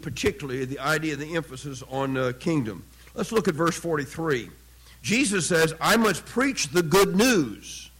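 An older man teaching a Bible class in a conversational lecture, pausing often with "uh" as he works through his notes. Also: a little high, fairly bright tone. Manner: conversational, with many "uh" pauses.

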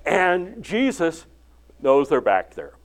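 Animated older preacher telling stories. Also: male voice, on the high side, slow. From California. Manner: storytelling, acting out the Bible dialogue with lively inflection. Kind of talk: sermon.

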